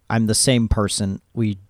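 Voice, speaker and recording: A man in his twenties co-hosting a podcast, chatting casually and telling jokey, animated stories. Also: fairly low pitch, slow pace, dry recording, clean studio sound. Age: 20s. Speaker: podcast co-host. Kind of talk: casual chat.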